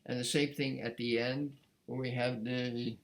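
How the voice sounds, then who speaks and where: A man giving a beginner violin lesson, talking in a gentle, explanatory way, often restarting words and sometimes singing out counts. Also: medium pitch, little pitch movement, a little slow, loud music behind the voice. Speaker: violin teacher. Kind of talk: casual instructional talk.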